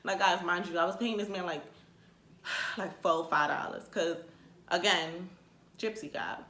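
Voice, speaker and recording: A young woman in her twenties telling a comedic storytime rant, animated and swearing, with exasperated outbursts. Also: lowish voice, a little slow. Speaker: vlogger. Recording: echoey room.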